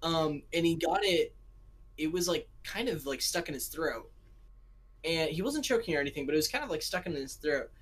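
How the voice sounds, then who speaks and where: A woman's voice: sits low, lively intonation, moderate pace, slightly rough, low-quality recording. American woman co-host, casual chatty delivery, rambling and giggly. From United States. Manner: rambling, giggly, lots of fillers. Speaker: podcast co-host. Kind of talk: casual chat.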